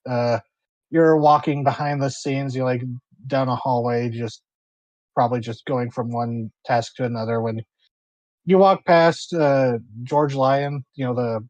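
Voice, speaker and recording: A man runs a tabletop role-play game as its game master, narrating the scene in a loose, rambling way full of fillers and restarts. His voice sits in a middle pitch, and the sound is dry and close to the mic. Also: steady tone, measured pace, darkish tone, no room sound, highs cut off.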